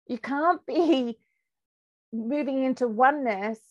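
A woman, a podcast guest, telling her story in a candid, lively way and laughing often. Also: high-pitched, slow, no room sound, muffled recording. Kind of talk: casual storytelling interview.

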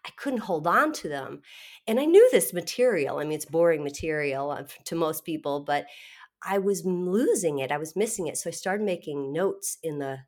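A middle-aged woman guest in an interview, telling her story candidly and animatedly, with frequent laughs and quick restarts. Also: deep voice, animated.

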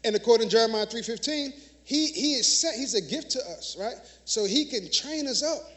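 A man's voice: extremely high pitch, lively intonation, brisk, a bit bright. A man preaching a sermon in a church, emphatic and conversational, using call-and-response with the congregation. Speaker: minister.

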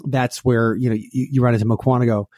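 A man's voice: medium pitch, flat delivery, fast talker, dark tone, no room sound, clean studio sound. Rambling man from Wisconsin. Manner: rambling, lots of fillers and restarts. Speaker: podcast guest. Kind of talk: casual interview chat.

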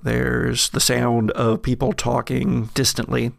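A man narrating as game master of a tabletop horror game, slow and hesitant as he describes each scene. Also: medium pitch, little pitch movement, gravelly, no room sound, clean studio sound.

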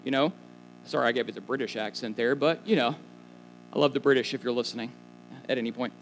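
A man's voice: medium pitch, fairly even intonation, quick pace, faint music behind, poor audio. A man preaching a sermon in a conversational way, asking questions of the listeners and making casual asides. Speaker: pastor.

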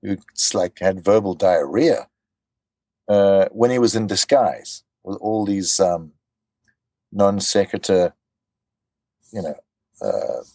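Low-voiced man telling animated stories. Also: slow, pauses often, dry recording. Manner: animated storyteller, acts out quotes. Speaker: voice actor guest. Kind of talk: casual interview chat.

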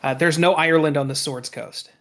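A man's voice: on the high side, fairly even intonation, a little fast, a bit bright. A man in casual podcast chat, rambling with lots of fillers and casual swearing.

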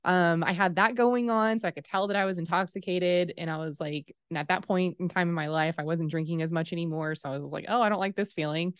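A woman in her thirties telling a personal story in casual conversation, acting out the quoted dialogue with lively swings in her voice. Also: lowish voice, fairly quick, few pauses, clear, resonant tone, no room sound, lo-fi sound. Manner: animated, acts out quoted dialogue.

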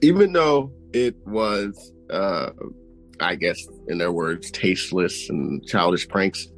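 A man's voice: low-pitched, expressive, takes it slowly, a bit bright, faint music behind, poor audio. A man co-hosting a true crime podcast in casual chat, reacting with jokes and then arguing earnestly. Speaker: podcast co-host.

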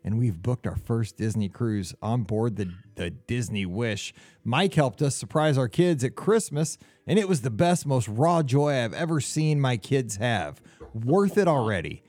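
A man's voice: medium pitch, expressive, a little slow, a little mellow, no echo. A middle-aged man co-hosting a casual podcast, rambling and easily moved to emotion. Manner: emotional, rambling, gets choked up. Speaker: podcast co-host.

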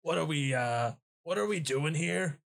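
A man voicing an excitable, nervous male half-orc architect in a tabletop game. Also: a little high, unhurried, creaky, voice pushed up. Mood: giddy.

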